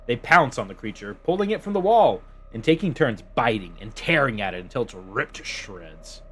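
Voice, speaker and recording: A man streaming a story game, reading the text aloud and reacting in an excitable way with swearing. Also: mid-range voice, moderate pace, few pauses, breathy edge, soft background music. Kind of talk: game let's-play with narration read aloud.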